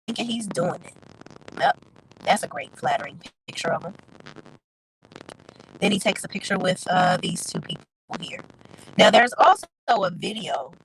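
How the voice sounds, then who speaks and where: A woman's voice: mid-range voice, a little hiss or hum, poor audio. A woman reviewing a reality TV episode in chatty, sassy casual commentary, her voice nasal and congested from a cold. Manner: chatty, sassy, talks straight to viewers.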